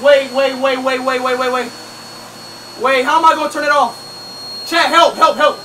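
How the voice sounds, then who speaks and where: A young man livestreaming to his chat, loud, panicky and pleading. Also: extremely high pitch, flat delivery, moderate pace. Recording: distant mic with clear background noise.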